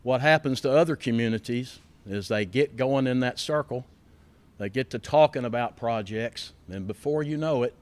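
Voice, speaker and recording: A man's voice: medium pitch, normal speed. Folksy man giving an opening speech. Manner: folksy, storytelling, emphatic. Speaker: speaker at a college facility grand opening. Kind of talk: public speech with thanks.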